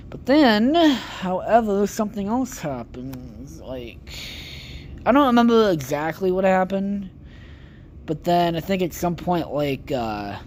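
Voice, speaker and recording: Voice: medium pitch, a little mellow, slight background noise. Podcast host rambling through a movie plot, swears a ton, lots of uh and like. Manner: rambling, heavy swearing and filler words. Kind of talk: casual rambling movie recap.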